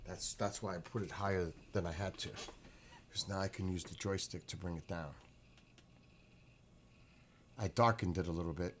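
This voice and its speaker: A man hosting a casual livestream from his backyard at night, excitable, exclaiming and laughing often as he reads the chat. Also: low-pitched, moderate pace, pauses often, a little hiss or hum. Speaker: livestream host.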